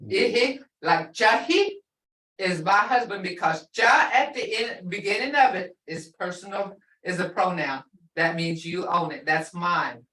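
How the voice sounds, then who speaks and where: Older female teacher, unhurried, repeats words for tone, roomy distant mic. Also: fairly low pitch, bright, forceful tone. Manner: repeats words slowly to show tones, chuckles often. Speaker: language teacher. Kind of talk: informal language lesson.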